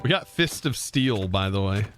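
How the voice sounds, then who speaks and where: A young man hosting a live game stream, excitable, exclaiming often and thanking viewers. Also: lowish voice, moderate pace, soft background music. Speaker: livestream host.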